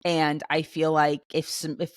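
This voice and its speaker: Young woman, podcast co-host, casual storytelling, lower voice, dry close sound. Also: measured pace, clean tone, dry recording. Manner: animated storytelling, acts out her own outbursts in a much higher voice; many fillers and restarts. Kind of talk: casual chat.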